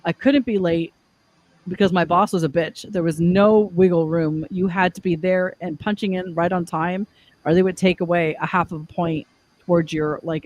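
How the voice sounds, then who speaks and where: A woman's voice: fairly low pitch, a little mellow, low-quality recording. A woman hosting a live podcast, telling stories in a frank, profane way. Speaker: podcast host. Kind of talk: casual chat.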